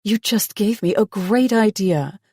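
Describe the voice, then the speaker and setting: A man voicing an eager young woman in a romance audiobook, excited and breathy as she talks. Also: on the high side, takes it slowly, no echo, clean studio sound.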